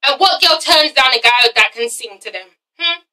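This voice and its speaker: A woman's voice: high voice, expressive, normal speed, pushed and bright, distant mic, a little hiss or hum, low-quality recording. A woman reviewing a TV drama in a casual vlog, emphatic and profane, who keeps checking in with "okay?". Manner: emphatic, swears often, keeps asking "okay?". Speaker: TV show reviewer.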